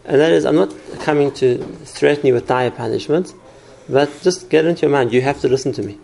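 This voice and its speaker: A man's voice: medium pitch, a little fast, gravelly, warm tone, slight background noise, low-quality recording. A man teaching a class on parenting, explaining through stories and examples and answering questions.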